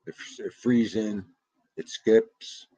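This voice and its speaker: A man's voice: on the low side, very slow, warm tone, dry recording. A middle-aged man, hosting a livestream and chatting casually and chattily with viewers, laughing as he goes. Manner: chatty, laughing, talks back to the chat. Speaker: livestream host. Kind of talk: casual chat with live viewers.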